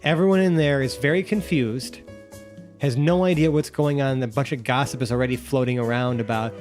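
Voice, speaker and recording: A man's voice: mid-range voice, brisk, a little mellow, faint music behind. A young man narrating as game master of a tabletop game, casual and full of fillers and restarts. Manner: rambling, many fillers and restarts.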